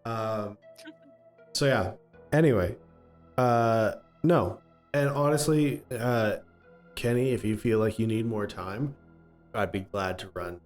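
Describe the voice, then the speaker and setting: A fairly low-pitched man talks casually as the game master of a tabletop campaign. He hesitates a lot and fills pauses with "um" and "like", and faint music plays underneath. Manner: hesitant, full of "um" and "like".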